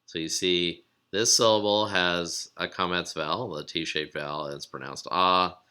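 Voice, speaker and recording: A man teaching a recorded lesson, explaining patiently with frequent pauses and fillers. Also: low-pitched, steady tone, sharp tone, clean tone. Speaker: biblical Hebrew teacher.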